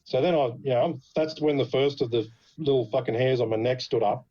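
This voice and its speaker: Australian male guest, animated storyteller, mid pitch, muffled recording. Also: fairly quick. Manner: animated, swears freely. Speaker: podcast guest. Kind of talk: casual storytelling.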